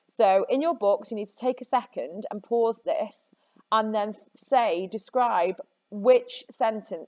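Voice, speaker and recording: A woman's voice: medium pitch, darkish tone. Chatty woman teacher, slightly muffled. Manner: chatty, self-correcting, encouraging. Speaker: English teacher. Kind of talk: recorded classroom lesson. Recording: slightly dull lo-fi audio.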